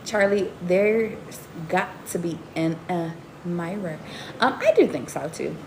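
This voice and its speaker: A woman giving a casual live tarot reading to her viewers, slangy and animated, often jumping into high excited exclamations. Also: takes it slowly. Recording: roomy echo with faint background noise.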